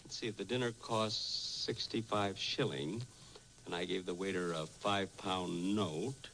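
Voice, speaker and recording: A man's voice: deep voice, measured pace, creaky, fairly bright tone, heavily acted. An actor playing a vain, stingy male comedian star in an old radio comedy, sounding defensive and sheepish. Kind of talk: 1940s radio acting. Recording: noisy old radio broadcast.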